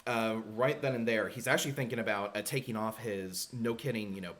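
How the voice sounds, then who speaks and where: Halting man narrating as game master. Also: on the low side, a bit bright. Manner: halting, full of fillers and restarts.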